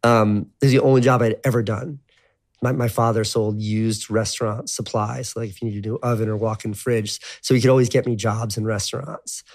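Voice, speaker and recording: A man's voice: fairly low pitch, fairly even intonation, a little fast. A man in his thirties telling his life story as an interview guest, rambling and profane, full of "like". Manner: rambling, profane, heavy use of filler "like". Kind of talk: casual storytelling.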